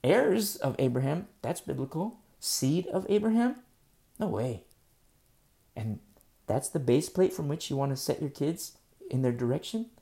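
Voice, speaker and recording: A male preacher with a gravelly, creaky voice that runs on the high side gives an earnest, animated sermon at a slightly slow pace. He moves between hushed, pleading passages and sudden emphatic bursts.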